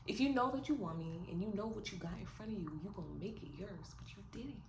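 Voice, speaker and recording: A young woman vlogger telling a dating story in a casual, sassy, animated way, full of rhetorical questions. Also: mid-range voice, fast talker. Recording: roomy echo with faint noise.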